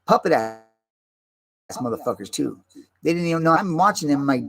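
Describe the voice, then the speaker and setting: A man's voice: a little high, expressive, moderate pace, creaky, long pauses, a bit bright. A man delivering a rambling, agitated monologue, swearing constantly and repeating himself. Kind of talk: rambling profane rant.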